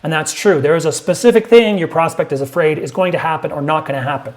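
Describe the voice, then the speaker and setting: A man teaching sales technique to camera, emphatic and punchy, now and then acting out prospects in a higher voice. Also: fast. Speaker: sales coach. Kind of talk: direct-to-camera sales lesson.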